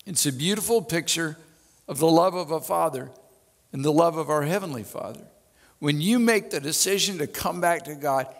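A man's voice: fairly high pitch, gravelly, long reverb tail. A man pastor preaching a sermon, telling the story with animation and dropping in wry asides.

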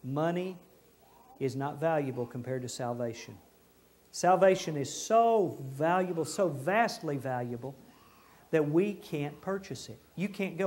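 Folksy high-voiced preacher. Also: male voice, measured pace. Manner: folksy, animated, acts out people he quotes. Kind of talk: sermon. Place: church.

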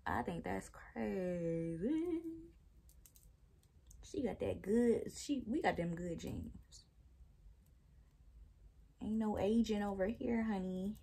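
A woman's voice: medium pitch, creaky, darkish tone, slightly rough. A woman in her twenties with a Southern American accent, chatting casually to her viewers with playful asides and laughs. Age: 20s. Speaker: vlogger. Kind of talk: casual chat while taking down twists.

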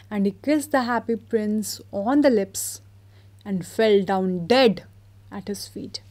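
A woman teacher reading a story aloud line by line, then explaining each passage in simple words. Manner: lively, pitch jumps up when quoting characters.

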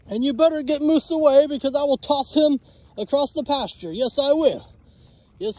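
A man voicing a big, proud male bull who is haughty and touchy, speaking in a slow, formal, boastful drawl. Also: very high voice, a little mellow, no echo.

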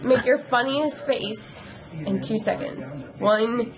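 A woman's voice: a little high, slow, crowd noise, low-quality recording. A woman chatting on a casual couple vlog, giggly and teasing in an affectionate way. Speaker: vlogger.

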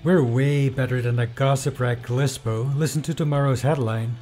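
A man voicing a boastful, gossipy sports reporter who poses as a fight fan and eagerly teases his next headline. The voice sits at an ordinary middle pitch, delivered as a read-through of game dialogue. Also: steady tone, moderate pace, darkish tone, faint music behind, lightly acted.

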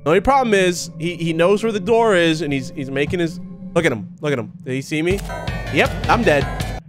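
A young man giving excitable, laughing commentary while playing a horror video game. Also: a little high, fairly quick, over music. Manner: excitable, laughing, talks to himself and the viewers. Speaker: gaming YouTuber.

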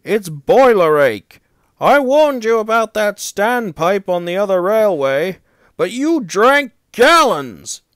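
A man playing a sly little tank engine, high and bouncy, smooth close sound. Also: big pitch swings, slow, a bit bright, no echo, exaggerated voice. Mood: knowing. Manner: sly, knowing tone. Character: clever, cheeky little male tank engine.

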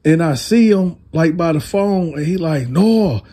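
A man hosting a casual storytime, retelling in an animated, slangy way. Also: a little high, normal speed. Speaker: storyteller, channel host.

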